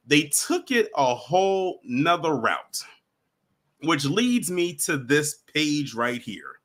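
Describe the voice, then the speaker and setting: Man, slightly high voice, bright tone, casual commentary, emphatic, talks to viewers, repeats himself. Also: very animated, takes it slowly. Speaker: commentary vlogger.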